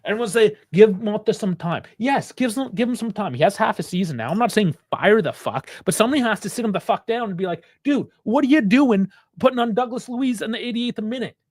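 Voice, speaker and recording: A man's voice: high voice, lively intonation, brisk, few pauses. A man giving live fan reaction to a football match, angry and frustrated, swearing heavily as he rants about the coach's choices.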